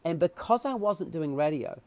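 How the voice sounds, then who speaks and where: A middle-aged man, a podcast guest telling personal stories in a lively, emotional way. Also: on the high side, normal speed. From New Zealand. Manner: animated, emotional storyteller who acts out quotes. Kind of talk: casual storytelling chat.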